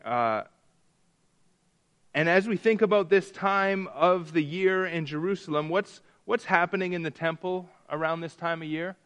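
A man's voice: high-pitched, measured pace, a bit bright, smooth. A man leading an interactive Bible class, reading scripture aloud, asking the group questions and often restarting his sentences. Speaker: Bible study teacher.

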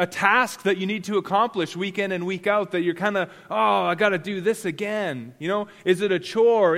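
A male pastor delivers an earnest sermon, putting rhetorical questions to his listeners and often doubling words as he goes. His voice sits high for a man. It rings out with a long reverberation, as in a large hall. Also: a bit bright.

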